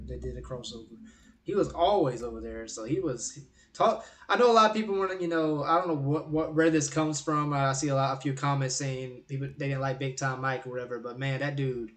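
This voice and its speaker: A man's voice: medium pitch, fairly bright tone, recorded from a distance. A young man co-hosting a podcast, talking casually and enthusiastically, rambling with fillers. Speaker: podcast co-host. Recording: voice set back from the mic.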